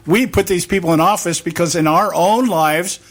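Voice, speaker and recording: A man hosting a political talk show, rambling through rhetorical questions and acting out quick imagined back-and-forth exchanges. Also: sits high.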